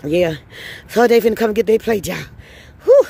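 A woman's voice: mid-range voice, very animated, normal speed, creaky, background noise. A woman with a Southern US accent hosting an outdoor holiday giveaway in the freezing cold, upbeat and preachy, laughing often. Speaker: host handing out holiday food. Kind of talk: casual charity vlog.

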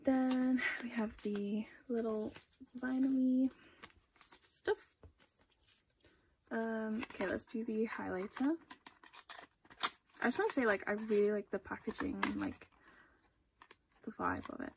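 A young woman talking casually as she unboxes, gushing over each item with quick gasps. Her fairly high voice carries a gravelly fry, with faint hiss behind it. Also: steady tone. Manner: chatty, gushing, frequent small gasps and laughs. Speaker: vlogger unboxing an album.

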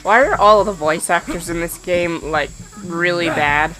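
A young man playing a video game with friends, cursing loudly in frustration as he comments. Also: fairly high pitch, moderate pace, soft background music, rough recording. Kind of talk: casual let's-play commentary.

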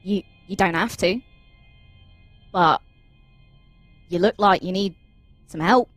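A woman voicing a gruff, friendly male Aasimar warrior in a put-on Cockney accent that drifts toward Australian, coaxing and cheery. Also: lowish voice, slow pace, dry recording, faint music behind.

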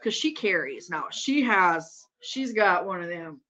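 Her voice sits on the low side, animated and sharp, and she talks a little slowly. She's a woman hosting a live stream, casually chatting and rambling over a game, laughing often and swearing freely, recorded in dull lo-fi sound.

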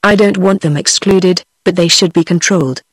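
A text-to-speech woman's voice with a British accent reading the lines of an indignant, scholarly old male sage in a plain, even delivery. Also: on the low side, normal speed, husky, no room sound. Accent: British English.

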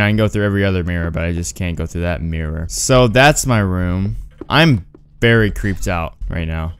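A man's voice: fairly low pitch, clean tone. A young man doing let's-play commentary on a horror game, muttering nervously and breaking into screams. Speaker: gaming YouTuber.

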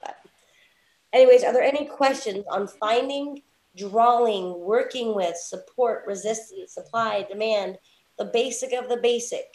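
A woman's voice: fairly high pitch, a little slow, darkish tone. A woman running a live online trading class on a video call, chatty and laughing, with apologetic asides. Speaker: trading coach. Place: home, at night. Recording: roomy echo.

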